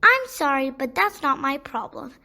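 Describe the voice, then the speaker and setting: A firm, earnest little girl speaks up in a children's storybook, voiced by a woman. The voice is high and bright, with a steady, insistent tone. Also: normal speed, full character voice.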